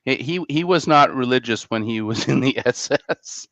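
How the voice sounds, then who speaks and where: A man's voice: medium pitch, moderate pace, fairly bright tone, no echo. A man hosting a casual podcast chat, talking in a hesitant way with many restarts. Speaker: podcast host. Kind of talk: casual conversation. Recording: dry, muffled mic sound.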